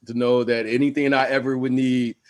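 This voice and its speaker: A man's voice: medium pitch, little pitch movement, a little fast, darkish tone. A man talking as a guest on a podcast in casual chat, telling stories and laughing often. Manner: laughing storyteller.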